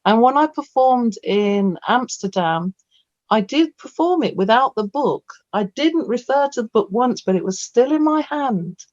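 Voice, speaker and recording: A featured poet answers Q&A questions about performing poetry, chatting and rambling like an animated storyteller. Her voice is on the high side and unhurried, with no room sound, though the video call audio is dull and lo-fi.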